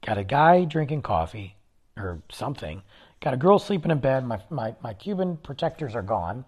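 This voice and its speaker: Male podcast host, husky voice, lively up-and-down delivery, rambling anecdotal storyteller. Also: mid-range voice, normal speed. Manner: rambling, animated anecdote-telling with fillers. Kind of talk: casual storytelling.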